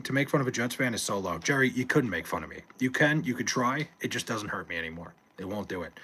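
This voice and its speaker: Husky, profane male streamer. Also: medium pitch, very animated, quick pace, pushed and bright. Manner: loose, profane, rambling, reads chat aloud. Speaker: live streamer. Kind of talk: casual late-night stream chat. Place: home, late at night.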